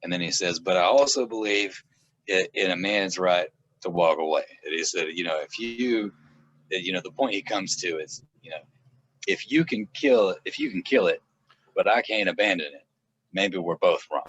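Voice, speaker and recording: Deep-voiced guy rambling and laughing through stories, dull dry lo-fi sound. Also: normal speed, fairly bright tone. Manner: rambling, laughing storyteller with many restarts. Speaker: author guest. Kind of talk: casual podcast chat.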